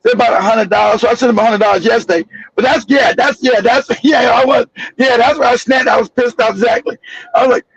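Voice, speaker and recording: A man hosting a casual chat, telling a long story in an animated, profane way with many restarts. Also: very high voice, fast talker, gravelly, hardly any pauses, breathy edge, lo-fi sound. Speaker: show host.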